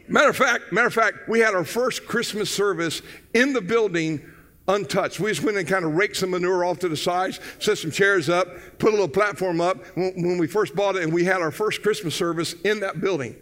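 A older man preaching a sermon, telling stories with energy that swings from loud to hushed. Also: high-pitched, fairly quick. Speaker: pastor. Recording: long hall reverb.

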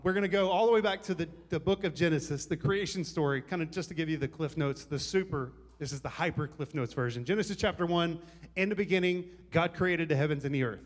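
A pastor delivers his sermon in a loose, conversational way, joking with the congregation as he goes. His voice sits a little high for a man. The sound carries the long reverb of a large hall.

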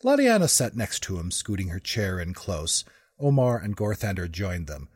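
A man's voice: deep voice, sing-song, moderate pace, husky, dry recording, studio quality. A man narrating a comic fantasy story aloud with wry joking asides.

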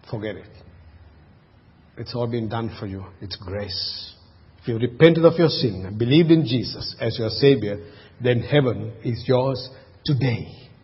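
A man's voice: mid-range voice, slightly rough, in a large hall, dull audio. A man preaching a sermon to a congregation, emphatic and asking them questions as he goes. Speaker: pastor. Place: church.

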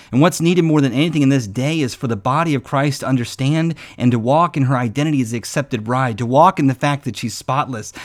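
A man preaching in an earnest, conversational way, swinging between hushed and emphatic passages. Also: mid-range voice. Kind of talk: sermon-style devotional talk.

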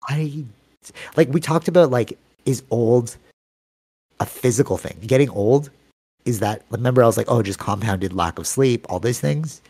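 A man's voice: medium pitch, normal speed, darkish tone, husky. A man in his thirties hosting a casual podcast chat, talking with lots of energy and many "like"s and "you know"s. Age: 30s. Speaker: podcast host.

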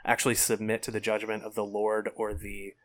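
A man's voice: fairly low pitch, completely flat delivery, brisk. A man co-hosting a podcast, musing thoughtfully with some hesitation. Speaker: podcast co-host. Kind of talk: casual book discussion.

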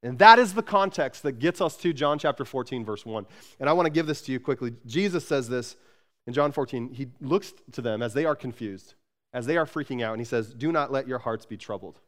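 Brisk and mid-range in voice, this male pastor gives an energetic, conversational sermon, swinging from loud emphatic moments to gentle, tender ones while repeating words.

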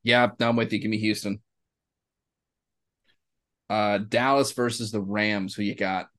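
A man from Florida co-hosting a casual sports podcast, swearing and laughing often, breaking into excited bursts. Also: on the low side, a little slow. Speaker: podcast co-host.

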